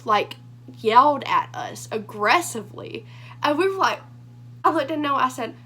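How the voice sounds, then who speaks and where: Bright, high-voiced young woman vlogger. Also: a little slow. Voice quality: hoarse. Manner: animated, rambling with many fillers. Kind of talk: storytime vlog.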